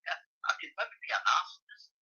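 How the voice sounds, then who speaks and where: A man chatting casually, swearing a lot and rambling in an animated way. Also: brisk. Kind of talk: casual chat. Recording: muffled phone-line audio.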